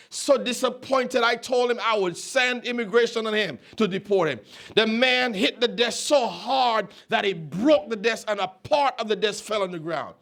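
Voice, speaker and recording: A middle-aged male pastor from Nevis preaching a sermon, telling stories and repeating phrases with rising emphasis. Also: a bit bright. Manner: emphatic, repeats phrases, rises to high exhortation. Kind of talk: sermon storytelling.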